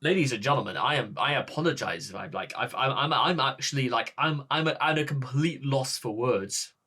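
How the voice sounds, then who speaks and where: A man with a Northern English accent hosting a music reaction video, gushing and halting, with many restarts and rhetorical questions. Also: medium pitch, expressive, sharp tone, slightly rough. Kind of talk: excited reaction talk to camera.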